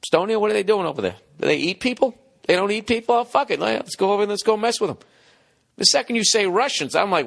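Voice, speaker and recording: A man's voice: high voice, animated, fairly quick, gravelly, pauses often, fairly bright tone. A man, ranting profanely and incredulously in a casual comedic monologue. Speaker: podcast host.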